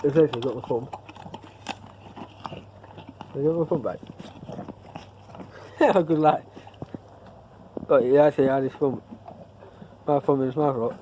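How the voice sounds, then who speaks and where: A man's voice: medium pitch, fairly even intonation, brisk, long pauses, dark tone, a little hiss or hum, low-quality recording. A man chatting casually to camera in a vlog, rambling and repeating himself as he loses his thread. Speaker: vlogger.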